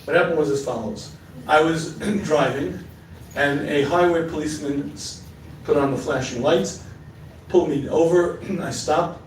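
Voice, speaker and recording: A man, a rabbi, giving a marriage seminar as a lively lecture with stories, often clearing his throat. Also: fairly high pitch, unhurried, slight background noise. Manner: animated storyteller, frequently clears throat. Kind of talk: sermon-like lecture with storytelling. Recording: echoey hall, mic far off.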